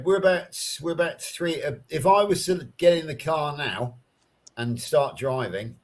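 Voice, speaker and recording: A man with an English West Country accent, chatting casually on a live stream, rambling along with lots of restarts and fillers. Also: mid-range voice. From England. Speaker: guest on a live crochet chat. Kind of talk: casual chat.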